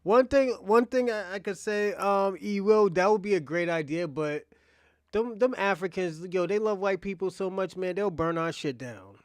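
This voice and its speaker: Blunt, cursing man with a high voice. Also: moderate pace, no room sound, studio quality. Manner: profane, blunt street slang. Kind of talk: casual discussion.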